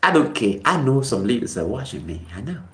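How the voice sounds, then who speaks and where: Animated man with swooping pitch. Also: a little fast. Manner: animated, exclaiming, swings from low muttering to high shouts; rambling, repeats himself. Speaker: vlogger. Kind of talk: casual commentary monologue.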